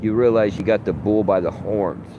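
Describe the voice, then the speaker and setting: A man livestreaming outdoors in a rambling, profane, animated monologue. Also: fairly low pitch, moderate pace, highs cut off. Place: outdoors under open sky. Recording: wind noise on the mic.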